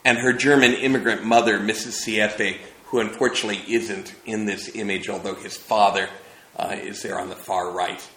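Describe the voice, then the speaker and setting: Lower-voiced man lecturing, hesitant. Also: bright, forceful tone, roomy sound, poor audio. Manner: thoughtful, hesitant, many uh fillers. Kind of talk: academic lecture with slides.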